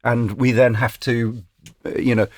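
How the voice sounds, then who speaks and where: A man's voice: medium pitch, level tone, a little slow, no room sound. A man who works as a music industry executive, speaking thoughtfully as a podcast guest, with many restarts. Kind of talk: casual interview talk.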